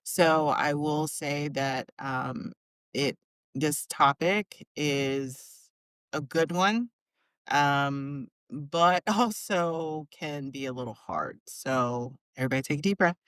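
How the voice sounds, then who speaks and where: A woman's voice: sits low, slow pace, fairly bright tone, smooth, no room sound. Lady hosting a podcast, chatty and jokey, dry close mic. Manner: laughs often, playful and chatty. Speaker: podcast host. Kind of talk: casual podcast chat.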